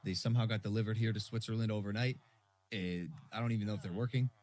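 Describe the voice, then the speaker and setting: A young man hosting a casual podcast, telling a story in an animated way and swearing freely. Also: fairly low pitch, fast. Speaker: podcast host. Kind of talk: casual chat. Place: hotel room.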